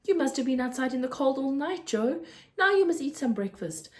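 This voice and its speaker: A woman's voice: sits high, lively intonation, a little fast, pitched above the performer's own voice. A woman reading as a kindly fussy shopkeeper. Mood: gentle. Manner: gentle, fatherly, earnest. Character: kindly fussy middle-aged male newsagent. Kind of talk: storybook read-aloud.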